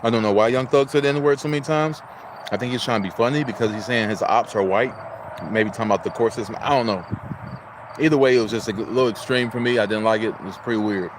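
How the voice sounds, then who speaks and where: A man's voice: medium pitch, quick pace, noisy background. A man from Illinois hosting a casual livestream, chatting, greeting viewers and reading out their chat messages. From Illinois, United States. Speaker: livestream host.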